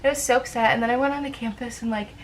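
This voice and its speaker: A woman's voice: fairly high pitch, steady tone, rapid-fire, slight background noise, low-quality recording. Rambling young woman vlogging. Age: young adult. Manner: rambling, self-deprecating, lots of fillers. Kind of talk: casual chat to camera.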